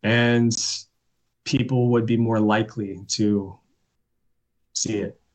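A man's voice: on the low side, steady tone, slow pace, lo-fi sound. A man, a poet appearing as a guest, talking bluntly and wryly in casual conversation and reading his own poems aloud. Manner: blunt, opinionated, wry.

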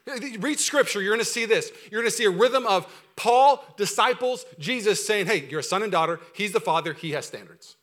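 Male pastor, high and quick, animated exhorting sermon in a church. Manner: animated, exhorting, calls for congregation responses. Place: church sanctuary.

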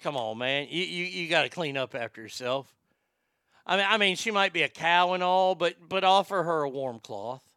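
Man, comedy podcast host, rambling, stammering repeats, high voice, bright tone. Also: expressive, normal speed.

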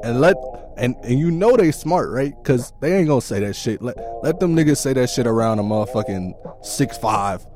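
Profane, animated male podcaster. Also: medium pitch, moderate pace, music in the background. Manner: animated, profane, laughing storytelling. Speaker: podcast host. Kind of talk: casual comedic rant.

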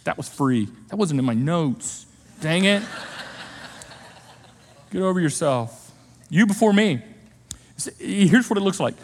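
A middle-aged male pastor preaching a sermon, animated, with emphatic repeated refrains and casual asides. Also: high voice, normal speed, long reverb tail. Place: large church auditorium.

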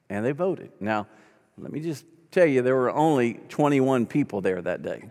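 Man, 60s, pastor; folksy storyteller, mid-pitched, reverberant hall sound. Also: lively intonation, fairly quick, darkish tone. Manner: folksy, conversational, acts out quoted dialogue. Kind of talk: storytelling sermon.

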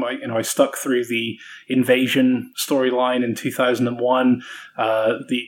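Wry British man, podcast guest. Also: mid-range voice. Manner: measured, wry, dry humor, hesitant fillers. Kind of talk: casual podcast interview.

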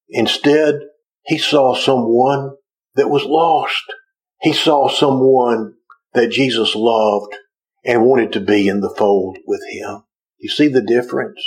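A man preaching a sermon as pastor, with slow, deliberate delivery and earnest pleas to the congregation. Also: mid-range voice, darkish tone, poor audio.

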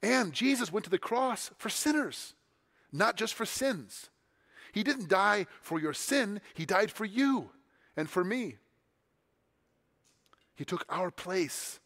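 A man's voice: high voice, lively intonation, takes it slowly, long pauses. Man preaching in a conversational sermon. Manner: conversational preaching with swings between quiet and emphatic. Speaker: pastor.

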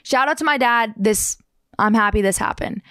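A young woman from New Jersey telling her own surfing story in a fast, chatty, animated way with casual slang. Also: on the high side, no echo, studio quality. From New Jersey, United States. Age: young adult.

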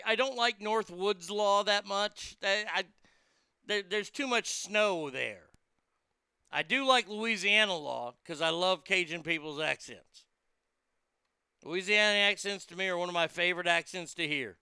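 A man's voice: a little high, creaky, bright, forceful tone, smooth, dry recording. A man hosting his own show, rambling casually and chattily with a profane edge. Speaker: host.

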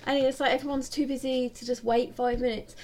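A woman's voice: high-pitched, level tone, fairly quick, darkish tone, a little hiss or hum. A young woman, co-hosting a casual chat with a wry, passive-aggressive edge. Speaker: podcast co-host.

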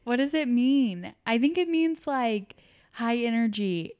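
A woman's voice: a little high, lively intonation, measured pace, a little mellow, smooth, no room sound. A young woman co-hosting a podcast, chatting casually in a friendly way and asking her co-host questions. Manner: friendly, asks questions, reads the intro. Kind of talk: casual chat.

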